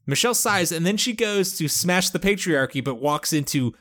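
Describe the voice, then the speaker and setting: High-voiced man, animated casual recap. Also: moderate pace. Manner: animated, acts out characters in quotes, laughs often. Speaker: podcast co-host recapping a TV episode. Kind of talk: casual chat.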